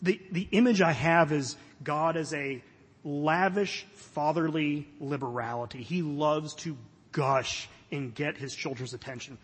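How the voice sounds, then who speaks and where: A middle-aged pastor from Florida, USA, with a husky, slightly high voice preaches a little slowly. Earnest and conversational, he mixes in light self-deprecating humor, and the recording carries long hall reverb.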